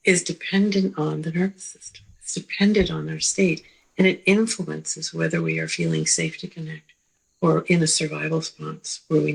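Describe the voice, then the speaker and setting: A woman clinician giving a slow, gentle teaching talk, pausing often and checking in with the listener. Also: deep voice, creaky, breathy edge, low-quality recording. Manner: slow, gentle, with pauses and repeated "right?".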